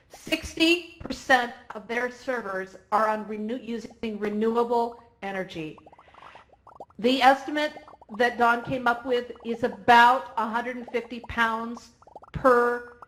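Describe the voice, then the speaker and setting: A woman speaking as organizer at a conference closing ceremony, excited and emotional, laughing often. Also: fairly high pitch. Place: virtual reality event.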